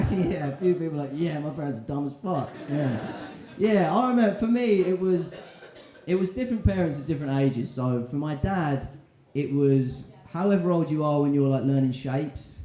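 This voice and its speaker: Crowd laughter fills a roomy comedy club in central London as a man in his 20s works the room. His warm, fairly high voice moves at a moderate pace while he rambles, jokes crudely, mocks himself, and banters with the audience.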